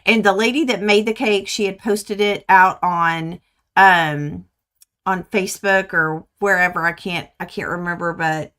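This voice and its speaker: An older woman hosts a casual livestream, talking to viewers through her webcam. Her voice is bright and forward, and she chats in an excitable, easily amused way. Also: fairly low pitch, measured pace. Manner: chatty, excitable, laughs easily. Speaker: quilting livestream host. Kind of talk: casual chat to live viewers.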